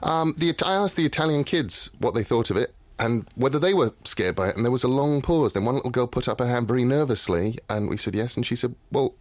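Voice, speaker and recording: A man's voice: medium pitch, expressive, fast talker, hardly any pauses, no echo. A man guesting on a radio interview as an author, telling stories in a dry, wry way in a studio.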